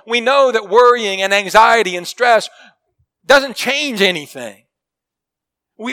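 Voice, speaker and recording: A male preacher delivers a sermon in a high-pitched, bright voice. He talks earnestly and with emphasis, leaning on key phrases. He often sinks into quiet, intimate tones. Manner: earnest, emphatic preaching with dramatic drops to a hush; acts out quoted people in a story.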